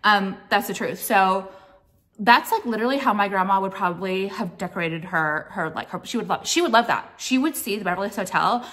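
A woman's voice: medium pitch, brisk, fairly bright tone. A young adult woman vlogging in a casual, blunt rant, opinionated and full of swearing and "like". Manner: blunt, profane, opinionated, heavy use of "like".

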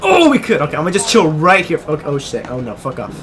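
A young gaming YouTuber giving live commentary, swearing constantly and pleading with and yelling at other players. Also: medium pitch, huge pitch swings, quick pace, soft background music.

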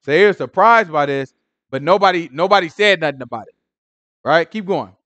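Guy teaching scripture, acts out everyone in slang, high-ish voice, dead dry room. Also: a little fast, no room sound, dull audio. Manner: animated storytelling, acts out characters in street slang. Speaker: Bible teacher. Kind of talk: casual Bible study teaching.

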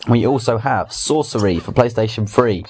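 A young man with a fairly low voice runs through the week's game news in a casual, rambling way. He stumbles and restarts often and throws in personal asides. It sounds like a home desk mic. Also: normal speed, darkish tone, a little hiss or hum. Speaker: gaming video host. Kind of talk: casual weekly games news roundup.

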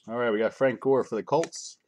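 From home, a man runs a live card break, rambling casually and calling out each card as he opens packs. His medium-pitched voice is a little mellow and fairly quick, with a slight hiss or hum on the recording.

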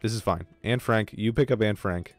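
A man streaming a game live, with casual, excitable commentary, lots of swearing and remarks aimed at his chat. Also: on the low side, moderate pace, no echo, faint music behind. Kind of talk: casual livestream gaming commentary.

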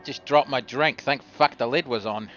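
A man's voice: mid-range voice, normal speed, a bit bright, muffled recording, soft background music. A man playing along on a game stream, joking dryly and swearing casually. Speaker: co-player on stream.

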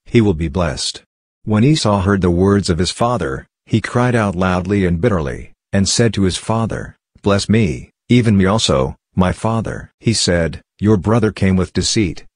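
Male scripture reader, very low voice, measured and even delivery. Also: dry recording, clean studio sound. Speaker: Bible reader.

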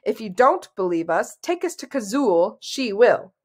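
Woman reads a determined young princess; brisk and urgent. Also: mid-range voice, big pitch swings. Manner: urgent and pleading.

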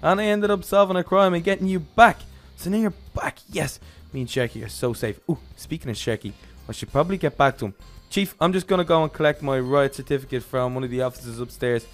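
A young man hosting a game role-play, narrating every move in character and getting loud and excited during the action. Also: on the high side, fast, faint music behind.

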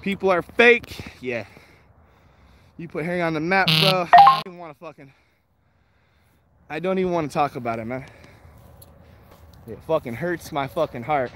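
High-voiced, profane man chatting outdoors. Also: expressive, moderate pace, pauses often, a little hiss or hum. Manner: profane, blunt, laid-back, laughs often; shouts for his dogs. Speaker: vlogger reading live chat. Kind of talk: casual rambling chat on a walk. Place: outdoors on a morning walk with dogs.

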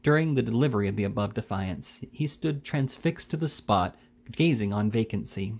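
A man reading a classic novel aloud in a measured, unhurried way. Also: on the low side, animated, a little mellow. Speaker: reader.

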